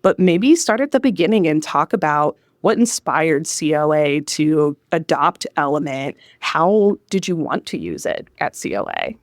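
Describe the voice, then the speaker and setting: A woman with a Northern US accent hosts a live podcast interview at a conference. She is upbeat and chatty, and she throws in self-deprecating asides. Her voice is lowish and dry, with no room echo. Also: very animated, measured pace, hardly any pauses. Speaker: podcast host. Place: conference venue.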